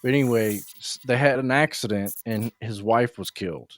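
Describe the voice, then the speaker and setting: A man's voice: medium pitch, normal speed. A man joining a casual panel podcast, speaking briefly and matter-of-factly.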